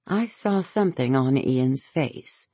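A woman reading a nervous wife in an audiobook, hesitant but insistent. Her voice is low and slow, close and dry. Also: animated, warm tone, no room sound, heavily acted. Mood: uneasy. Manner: hesitant, then firm. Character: nervous wife who stands by what she saw.

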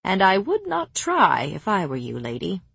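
A woman voicing an ancient female healer who speaks slowly with blunt, quiet firmness. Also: mid-range voice, huge pitch swings, vocal fry, husky, no room sound, full character voice. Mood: grave. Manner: slow, measured, quietly firm.

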